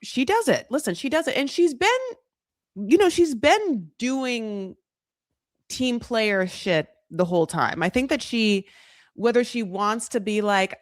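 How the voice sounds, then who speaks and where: A woman's voice: medium pitch, normal speed, no echo. Chatty woman podcaster, dry close sound. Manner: chatty, lots of fillers, quotes people in put-on voices. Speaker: podcast co-host. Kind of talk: casual reality TV recap chat.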